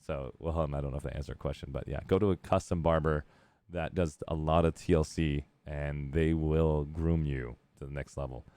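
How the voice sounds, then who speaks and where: Man, streamer, deep low voice, rambling casual chat, jokey. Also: steady tone, a little fast, mellow, dry recording. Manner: rambling, joking, chatty. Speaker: streamer host.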